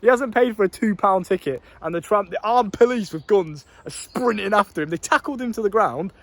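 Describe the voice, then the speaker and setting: A man's voice: high voice, a little fast. A young man talking bluntly to camera, telling stories and swearing freely as he gives dating advice. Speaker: dating coach vlogger. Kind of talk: casual monologue to camera.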